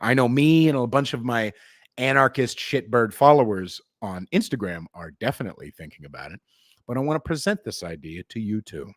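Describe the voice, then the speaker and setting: A man's voice: mid-range voice, a little fast, no echo. A middle-aged man hosting a podcast, ranting about politics with profanity and sarcasm, now and then mocking others in put-on voices. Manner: animated, sarcastic, mocks others in put-on voices, swears a lot. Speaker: podcast host.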